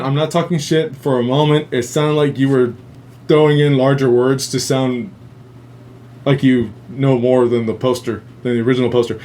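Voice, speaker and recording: A man's voice: on the high side, darkish tone, a little hiss or hum. Rambling, swearing man hosting a casual stream. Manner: rambling, heavy swearing, laughs often. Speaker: host. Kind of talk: casual live-stream chat.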